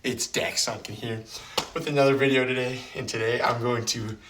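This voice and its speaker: A man's voice: mid-range voice, fairly even intonation, moderate pace, background noise. A young man, a student presenter, introducing his video in a hyped, slangy way.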